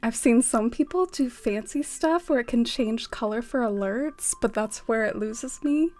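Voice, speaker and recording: A young woman live-streaming a game, talking casually and giggling with her chat. Her voice sits slightly high, her speech is sprinkled with "like", and faint music plays behind her. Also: moderate pace, a little mellow. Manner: bubbly, giggly, lots of "like".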